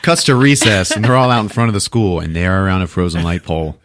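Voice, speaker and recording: A man's voice: animated, fast, fairly bright tone, slight background noise. A man hosting a podcast, recapping a movie with profane jokes. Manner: profane, acts out characters in squeaky voices. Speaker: podcast host.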